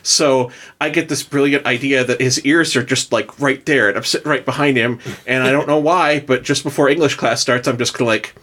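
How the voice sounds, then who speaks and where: Speaking briskly in a mid-range voice, this podcast co-host spins a story with casual energy. He breaks into laughter frequently along the way.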